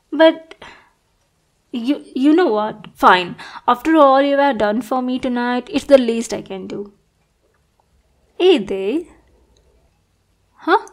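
A woman doing a clingy obsessive girl, whispered role-play. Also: a little high. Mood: excited. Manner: sweet, clingy, calls listener darling. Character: obsessive, adoring young woman intruder. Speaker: ASMR performer.

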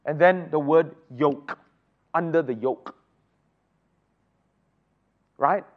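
A man's voice: fairly high pitch, extremely slow. A man teaching a Bible study, often asking the group rhetorical questions. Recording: dull lo-fi recording.

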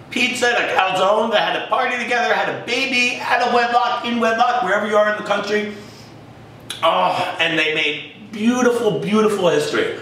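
A man's voice: high voice, sharp tone, a little hiss or hum. A man from New Jersey hosting a cooking demonstration in a kitchen, talking in a playful, theatrical, joking way. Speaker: cooking show host. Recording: very echoey room, distant mic.

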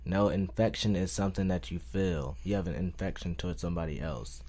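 A man co-hosting a casual podcast, joking in a deadpan way and mixing up words. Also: low voice, a little fast. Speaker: podcast co-host.

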